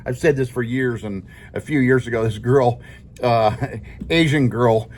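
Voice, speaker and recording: A man's voice: medium pitch, unhurried, darkish tone, slight background noise. A middle-aged man, a teacher, giving his class a rambling, informal talk, often chuckling and checking in with "okay?".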